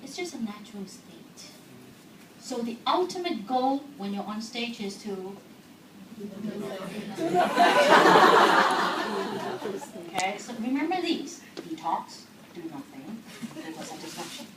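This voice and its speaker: With a medium-pitched voice full of big swings, a woman talks slowly to a hall audience, leaving long pauses. She keeps things lively by asking questions and laughing a lot, though the far-off recording carries echo and background noise.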